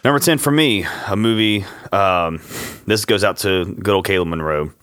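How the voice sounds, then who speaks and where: A man's voice: sits low, moderate pace, a bit bright, clean tone, dry recording, clean studio sound. A man co-hosting a casual horror-movie podcast, enthusiastic and agreeable and given to rambling. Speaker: podcast co-host.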